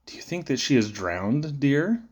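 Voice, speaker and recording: A man's voice: very animated, a little slow. Playful man reading children's poems. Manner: playful, sing-song delivery with sudden high squeaks and low drops. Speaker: poetry reader.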